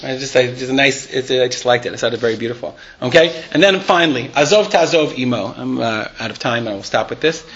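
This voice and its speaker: A man's voice: mid-range voice, quick pace, hardly any pauses, a bit bright, lo-fi sound. A man teaching a live Torah class. He reads Hebrew and Aramaic passages aloud, explains them conversationally and asks his students questions.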